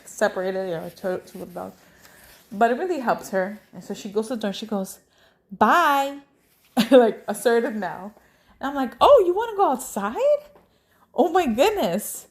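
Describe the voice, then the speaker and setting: A woman in her thirties chatting casually at home, telling a story with lively energy. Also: mid-range voice. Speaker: vlogger. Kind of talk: casual chat. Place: home kitchen.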